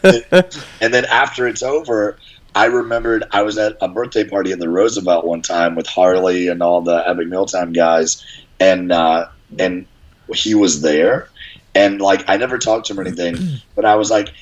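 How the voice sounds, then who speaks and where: A very deep-voiced man tells a loose, meandering story on a podcast stream. He talks casually, with plenty of ums and restarts. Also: fairly even intonation, moderate pace, highs cut off. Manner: rambling anecdotes with many fillers. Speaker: guest.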